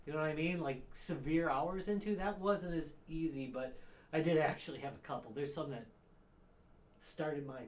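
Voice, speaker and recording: A man's voice: on the high side, normal speed. A man co-hosting a podcast, chatting loosely and rambling with jokes and laughter. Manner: rambling, jokey, laughs often. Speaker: podcast co-host. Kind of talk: casual chat.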